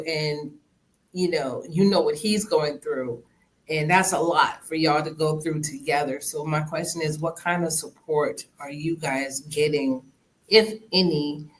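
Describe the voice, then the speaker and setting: A podcast host leading a conversational interview, speaking in a gentle, empathetic way. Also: mid-range voice, poor audio. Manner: gentle, empathetic, acts out quoted dialogue.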